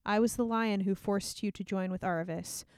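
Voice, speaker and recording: A woman's voice: medium pitch, steady tone, normal speed, a little mellow, smooth, no echo, clean studio sound. A woman chatting casually about a book with a friend, laughing often and reading passages aloud.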